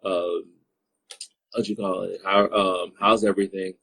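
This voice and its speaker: Male podcast host, husky tone, playful ribbing, loose chatty delivery. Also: low-pitched, flat delivery, measured pace, a bit bright, low-quality recording. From Congo. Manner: teasing, joking, talks in bursts with fillers. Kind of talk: casual podcast chat.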